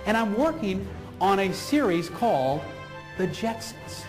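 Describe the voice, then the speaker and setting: A man's voice: high-pitched, measured pace, music in the background. A man who is a motivational speaker and radio host, telling a story with enthusiasm and voicing the people in it. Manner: animated, enthusiastic, voices the people in his stories.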